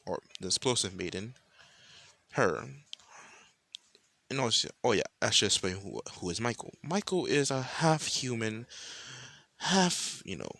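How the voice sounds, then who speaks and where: Brief: young male storyteller, rambling and foul-mouthed, low voice but lively, bright tone, dry close sound. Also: unhurried, pauses often, no room sound. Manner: casual, rambling and profane, heavy slang. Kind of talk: improvised fan-fiction storytelling.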